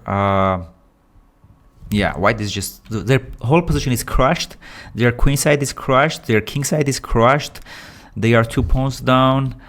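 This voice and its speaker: A man with phrasing giving excitable, animated live commentary on a chess game. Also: fairly low pitch. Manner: animated, excitable, with non-native English phrasing.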